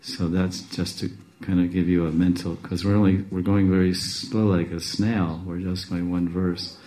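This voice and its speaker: A man teaching a scripture class, rambling with restarts, self-interruptions and chuckles, in a speaking style he calls a monotone. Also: deep voice, moderate pace, rough recording. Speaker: spiritual teacher.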